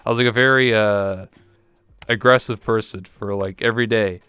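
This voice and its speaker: A man's voice: on the low side, fairly even intonation, normal speed, a bit bright, clear, resonant tone, no room sound. A man from Canada, a guest talking in a candid, reflective way with many fillers. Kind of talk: casual interview chat.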